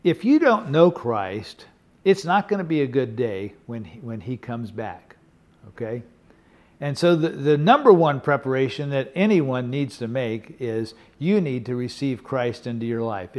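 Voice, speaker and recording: A man's voice: mid-range voice, moderate pace, a little mellow. An older man preaching a sermon in an earnest, conversational way, often checking in with the congregation. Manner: earnest, conversational preaching with frequent "okay?" and "you know". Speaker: pastor.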